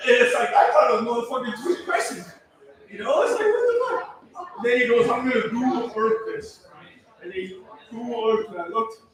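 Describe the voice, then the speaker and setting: A man doing a first-time stand-up comedy set at an open mic, loud and rowdy, often laughing at his own jokes. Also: extremely high pitch, lively intonation, a little fast. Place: comedy club stage. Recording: echoey room from far off, audience noise.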